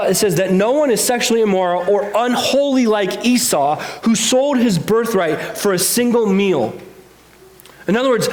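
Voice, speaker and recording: A man's voice: high-pitched, reverberant. A man preaching a sermon in church, talking conversationally and asking rhetorical questions. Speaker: pastor. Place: church sanctuary.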